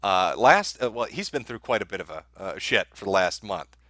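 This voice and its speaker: A man's voice: fairly low pitch, big pitch swings, normal speed, pushed and bright, no echo. A man hosting a live stream, reading out viewer messages and answering them with sardonic, profane commentary.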